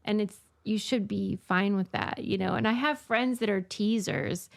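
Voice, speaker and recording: A woman's voice: medium pitch, moderate pace, creaky. A woman co-hosting a podcast, talking candidly and reflectively in casual chat, swearing now and then. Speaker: podcast co-host.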